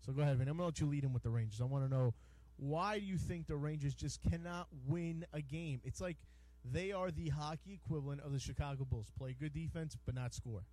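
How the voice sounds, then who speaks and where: Man, sports talk host, casual banter, teasing, a bit higher voice. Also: fast, hardly any pauses, warm tone. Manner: jokey, teasing, stumbles over words. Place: radio studio.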